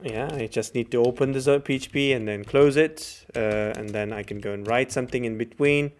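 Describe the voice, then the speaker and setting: A man's voice: medium pitch, fairly quick. A man lecturing while he writes code live, thinking aloud with frequent fillers and self-corrections.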